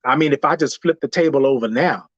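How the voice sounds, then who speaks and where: A man with a Houston accent who hosts a show, giving a preachy, animated monologue and playing out both sides of a dialogue himself. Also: medium pitch, fast, husky, no room sound, lo-fi sound. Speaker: host. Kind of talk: motivational monologue.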